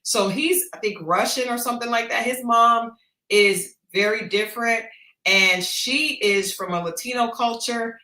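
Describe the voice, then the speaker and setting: Fairly high-pitched and measured, a woman's voice rings through an echoey home studio set up for a livestream. She's a podcast co-host on a livestreamed chat show, serving blunt, gossipy commentary on a reality dating series in an animated retelling.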